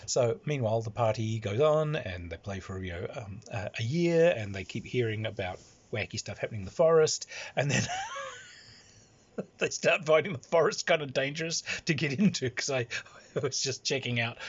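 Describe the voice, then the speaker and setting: A man's voice: mid-range voice, moderate pace, slightly rough. A man who is a game master telling a game anecdote in a rambling way, with many fillers and chuckles. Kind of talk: anecdotal storytelling. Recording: dull lo-fi recording.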